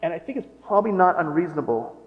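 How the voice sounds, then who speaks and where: Man, middle-aged pastor, casual conversational sermon, slightly high voice, long hall echo, dull muffled sound. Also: lively intonation, very fast. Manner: conversational, self-correcting, wonders aloud.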